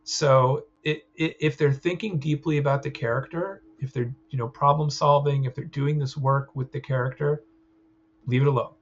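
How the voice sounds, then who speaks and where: A man's voice: mid-range voice, fairly even intonation, normal speed. Man giving a chatty clinical training lecture. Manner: conversational, frequent "right?" check-ins. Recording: slightly dull sound with faint ambience.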